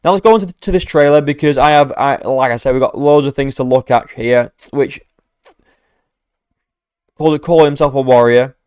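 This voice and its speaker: A man's voice: medium pitch, normal speed, darkish tone, clear, resonant tone, no echo, studio quality. A man giving profane, mocking reaction commentary as an MMA commentator, ranting sarcastically.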